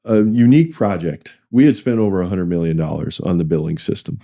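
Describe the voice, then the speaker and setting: A middle-aged finance executive with a low-pitched, warm voice and lively intonation talks fairly quickly. In a conversational interview, he rambles through career stories, restarting sentences and acting out quoted dialogue.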